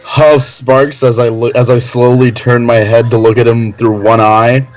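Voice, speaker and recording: A man at a tabletop game, narrating his character's moves hesitantly. He talks slowly at a middle pitch. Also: little pitch movement, poor audio. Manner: hesitant, many "um"s. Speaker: player.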